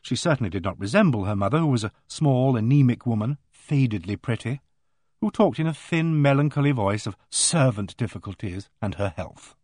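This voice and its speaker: Man narrating with lively intonation. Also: medium pitch, no echo, studio quality. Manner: measured storytelling with voiced dialogue. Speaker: audiobook narrator. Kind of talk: scripted narration.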